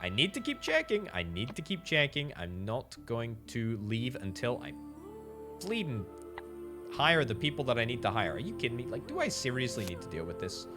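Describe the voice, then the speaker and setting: A man giving chatty commentary while playing a management game, thinking out loud and repeating words for emphasis, with faint game music behind him. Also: medium pitch, wildly swooping pitch, normal speed. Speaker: game streamer. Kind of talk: gameplay commentary.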